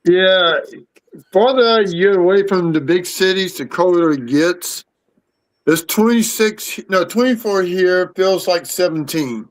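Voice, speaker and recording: High-pitched man, coin collector on a stream call, chatty. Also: unhurried. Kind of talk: casual livestream chat.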